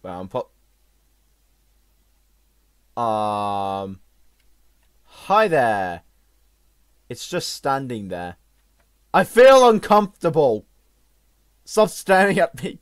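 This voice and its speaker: A man's voice: mid-range voice, big pitch swings, takes it slowly, long pauses, clear, resonant tone, dry recording. An eighteen-year-old man giving gameplay commentary, jumpy, swearing and shrieking at scares. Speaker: gamer.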